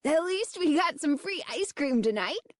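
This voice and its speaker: A woman's voice: high voice, animated, slow, dry recording, clean studio sound, pitched above the performer's own voice. A woman voicing a gleeful, scoffing young troublemaker in a storybook audiobook. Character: mischievous boy, gleeful troublemaker.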